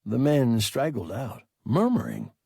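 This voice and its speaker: A man giving scripted, expressive narration of a science fiction audiobook. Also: mid-range voice, creaky, breathy edge, dry recording, clean studio sound. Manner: slow, expressive storytelling.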